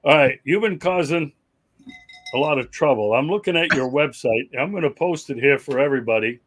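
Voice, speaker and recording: A man's voice: a little high, lively intonation, a little fast, fairly bright tone. A man hosting an interview show, friendly and loose, often restarting sentences. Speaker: show host. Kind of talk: interview host chat.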